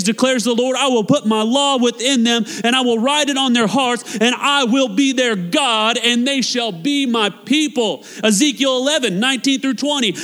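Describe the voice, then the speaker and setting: High-voiced man preaching in a reverberant hall. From United States. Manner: passionate preaching, swings from loud to hushed. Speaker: pastor. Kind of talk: sermon.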